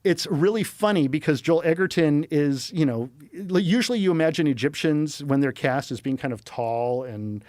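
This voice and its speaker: A middle-aged man talking casually as a podcast guest, telling animated, rambling stories full of quoted asides. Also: a little high, normal speed, hardly any pauses, no echo. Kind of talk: casual chat.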